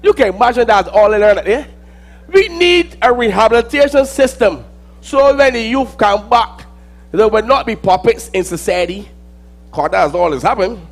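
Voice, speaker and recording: A man with a Barbadian accent performing a dramatic spoken-word monologue, theatrical and swinging between loud outbursts and low mutters. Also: animated, moderate pace, soft background music.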